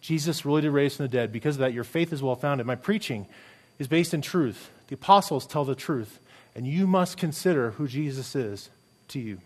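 A man's voice: medium pitch, moderate pace, darkish tone. A middle-aged man, a pastor, preaching a sermon earnestly and emphatically, with many rhetorical questions.

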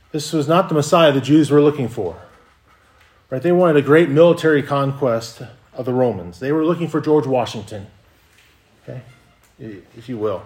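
A man's voice: medium pitch, a little mellow. A man preaching a sermon as pastor, earnest, often repeating words as he restarts a phrase.

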